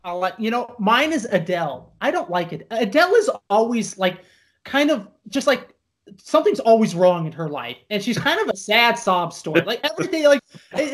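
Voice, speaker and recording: Animated chatty male podcast co-host. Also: extremely high pitch. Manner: animated, many filler "like"s, quick laughs. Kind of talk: casual chat.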